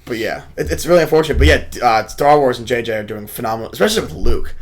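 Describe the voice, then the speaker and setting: A young man co-hosting a podcast, chatting casually and excitedly, with frequent stammered restarts. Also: medium pitch, rapid-fire. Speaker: podcast co-host. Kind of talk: casual chat.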